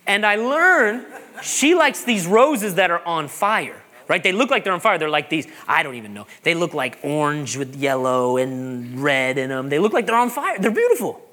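Animated man preaching with a lively voice. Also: fairly high pitch, moderate pace, hardly any pauses. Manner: animated, joking asides, repeats phrases for emphasis. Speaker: pastor. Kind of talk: sermon.

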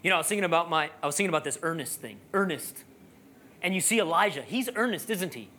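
A preacher giving a sermon, telling a lively personal story and then building to emphatic, raised-voice preaching. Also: medium pitch, fast, slight background noise.

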